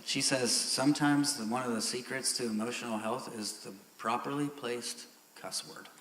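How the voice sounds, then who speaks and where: A middle-aged man preaching a sermon as pastor, candid and growing loud and emphatic. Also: medium pitch, steady tone, moderate pace, noisy background. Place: church sanctuary. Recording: echoey church hall.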